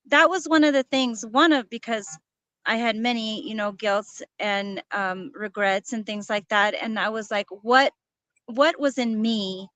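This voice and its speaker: A woman guest in a conversational interview, speaking earnestly and softly about a personal loss. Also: mid-range voice, steady tone, normal speed, dry recording. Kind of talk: casual interview, telling a personal story.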